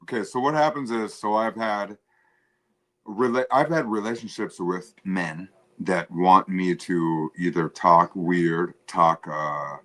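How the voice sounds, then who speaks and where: A man speaks as a guest on a casual livestream, rambling and halting as he tells a story against himself. His voice sits a little low. He stumbles and restarts as his thoughts unfold. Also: fairly even intonation, fairly bright tone. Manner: rambling, halting, self-deprecating.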